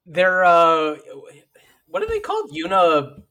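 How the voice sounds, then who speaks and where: Animated man with a lively, swooping voice. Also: sits high, takes it slowly. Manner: animated, joking reactions. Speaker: podcast co-host. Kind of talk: casual chat.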